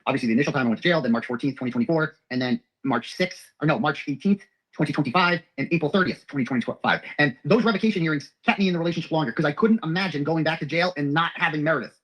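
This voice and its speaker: A man telling a personal story at a rapid clip, rambling, profane and emotional. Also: fairly high pitch, a bit bright, low-quality recording.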